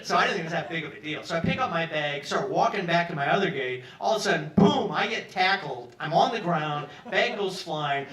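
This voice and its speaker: A man in his sixties, from Peoria, tells a profane, animated story on a pub stage. His voice is bright and a little high for a man. It reaches the mic from some distance in a roomy space. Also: a little fast, hardly any pauses. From Peoria, Illinois, US. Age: 60s. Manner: animated, acts out other people's lines, profane. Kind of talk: live storytelling monologue.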